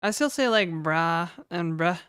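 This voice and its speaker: Woman rambling on her stream, smooth lowish voice, dry close sound, laughs a lot. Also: expressive, unhurried, fairly bright tone, no room sound. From New Brunswick, Canada. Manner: rambling, joking, laughs often. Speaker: livestreamer. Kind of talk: casual livestream chat.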